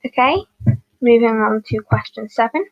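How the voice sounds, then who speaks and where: A woman hosts a livestreamed quiz, reading questions in a fairly high voice and breaking off to correct herself. The sound is dry and a little dull, like a home mic. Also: moderate pace, gravelly, no echo. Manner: chatty, apologetic asides, corrects herself. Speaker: quiz host.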